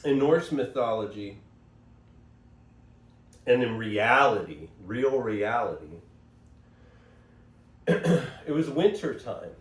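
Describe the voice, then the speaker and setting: A man's voice: medium pitch, lively intonation, slow pace, long pauses. A man hosting a casual spiritual monologue, rambling and digressive, recorded on a phone. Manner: rambling, digressive, self-interrupting. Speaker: host. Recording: echoey room, voice from far off, faint hiss.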